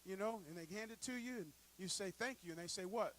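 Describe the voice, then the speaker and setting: A man preaching a sermon in a church, telling stories and building up to loud peaks. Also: high voice, quick pace, a little hiss or hum, rough recording. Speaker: pastor. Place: church sanctuary.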